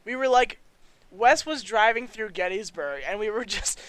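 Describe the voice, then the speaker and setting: A young man co-hosting a casual podcast chat, excitable and jokey, calling himself a crazy squeaky guy. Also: moderate pace. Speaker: podcast co-host.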